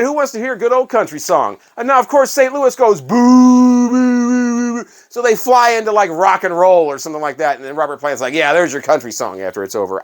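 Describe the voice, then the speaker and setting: Middle-aged male host, casual storyteller, profane and meandering, slightly high voice. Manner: rambling, profane, animated anecdotes with restarts. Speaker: vinyl collector channel host.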